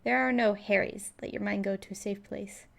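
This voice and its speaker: A woman's voice: mid-range voice, fairly even intonation, a little fast, gravelly. A woman giving playful, casual commentary while playing a game, reading its text aloud and laughing often. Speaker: let's player.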